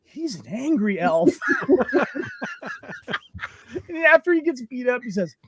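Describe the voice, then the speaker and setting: A man hosting a casual podcast chat, halting with fillers and often laughing. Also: extremely high pitch, very animated. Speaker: podcast host. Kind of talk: casual group chat about a film.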